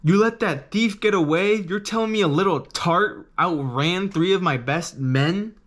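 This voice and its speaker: A man putting on a menacing pirate clown captain who issues cold, threatening orders, pitched higher than a plain speaking voice. The figure comes from a manga. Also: measured pace, fairly bright tone.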